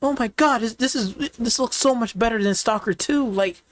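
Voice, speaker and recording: A man's voice: very high voice, moderate pace, a bit bright, no echo, voice pushed up. A man voicing a whiny, mocking male console fanboy who whimpers sarcastically. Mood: mock-whining.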